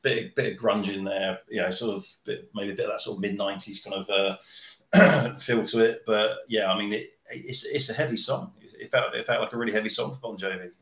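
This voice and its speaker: A man's voice: fairly low pitch, fairly even intonation, brisk, a bit bright. A man chatting casually as a podcast guest, hesitant, with lots of restarts and ums. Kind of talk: casual chat. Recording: echoey room.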